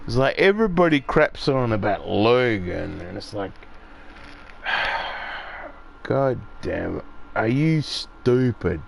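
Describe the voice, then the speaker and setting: A man ranting casually and profanely as he plays, his voice jumping high when he gets riled up. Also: big pitch swings, takes it slowly, creaky, pauses often, a little hiss or hum. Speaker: gaming streamer. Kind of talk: casual rant while playing.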